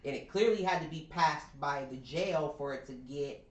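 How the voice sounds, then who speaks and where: A man with a slightly high voice tells a story in a loose, animated way and slips into the voices of the people he quotes. His voice carries a noticeable room echo. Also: normal speed. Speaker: podcast co-host. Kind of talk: casual storytelling chat.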